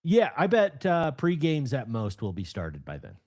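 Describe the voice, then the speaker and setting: A man in his thirties co-hosting a casual podcast, an animated storyteller who bursts into excited emphasis. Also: mid-range voice, normal speed. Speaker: podcast co-host.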